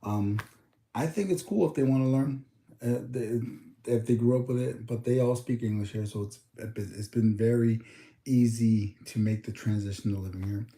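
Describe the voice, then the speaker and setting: With a medium-pitched, warm voice at a moderate pace, the young American streamer rambles easily on his livestream. He chats with viewers and thinks aloud using numbers, and the sound is roomy.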